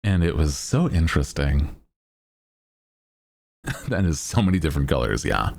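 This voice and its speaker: A man's voice: very deep voice, sing-song, normal speed, creaky, darkish tone. A man streaming and chatting casually with his viewers in a playful, self-mocking way, laughing often. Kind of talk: casual chat.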